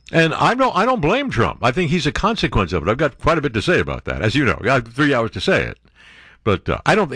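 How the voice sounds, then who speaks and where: A man hosting a talk radio show, reading the news and tearing into it with sarcastic, disbelieving asides. His pitch swings widely as he rants. The sound is dry and close. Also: no echo. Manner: sarcastic, animated commentary with mock-incredulous outbursts. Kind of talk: reading and mocking news on air.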